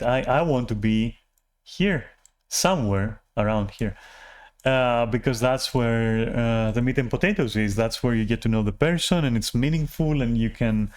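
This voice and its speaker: A mid-range, darkish male voice belongs to a vlogger giving a casual, rambling rant to camera. He's self-deprecating and sweary, often restarting his sentences and filling gaps with filler words.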